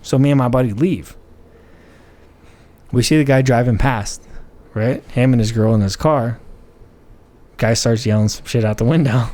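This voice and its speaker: A man, co-hosting a podcast and telling a story in an animated, profane way, full of "like" and "right?". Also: mid-range voice, moderate pace, long pauses. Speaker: podcast co-host. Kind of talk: casual storytelling chat.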